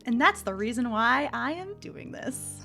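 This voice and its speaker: A woman running a tabletop role-playing game as game master, measured and instructive. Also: fairly high pitch, lively intonation, gravelly, pushed and bright, soft background music.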